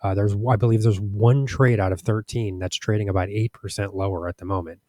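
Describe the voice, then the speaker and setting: Low, mellow-voiced man doing market commentary. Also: fairly even intonation, fairly quick, no room sound, studio quality. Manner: frank, exasperated, many restarts and fillers. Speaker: stock market channel host. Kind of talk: casual commentary over charts.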